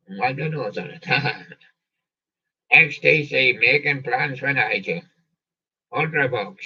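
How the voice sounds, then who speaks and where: A man drawls through lists of songs at an unhurried pace, tacking a pun onto each title. His voice is bright and slightly husky. It comes through dull and lo-fi, from a little way off the mic. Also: mid-range voice, recorded from a distance. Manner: slow, punning, quips after each song title. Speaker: show host reading out song lists. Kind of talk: rambling live-stream chat with jokey asides.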